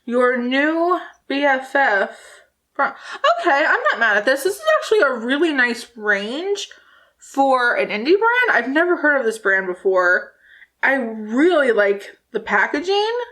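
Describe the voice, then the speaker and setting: A woman's voice: high voice, big pitch swings, unhurried, a bit bright. A woman beauty vlogger talking casually and sarcastically about makeup releases, often laughing. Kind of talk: casual chat.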